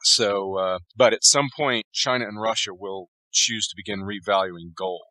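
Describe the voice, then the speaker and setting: A man with a low, forceful voice answers interview questions at length, laying out his views in steady, explanatory runs. The sound is close and dry, with no room around it. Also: normal speed, no echo, low-quality recording. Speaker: author guest. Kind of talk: conversational interview.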